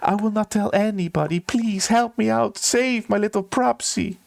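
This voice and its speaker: A man's voice: medium pitch, normal speed, darkish tone, natural voice. A man voicing a young male steward who dotes on his pet bird and turns cruel. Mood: begging. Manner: sobbing, pleading baby talk then sneering contempt.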